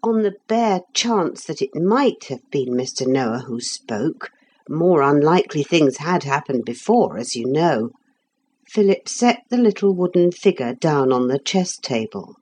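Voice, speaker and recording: A woman narrating a children's storybook with a gentle, expressive reading. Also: low-pitched, unhurried, slight background noise.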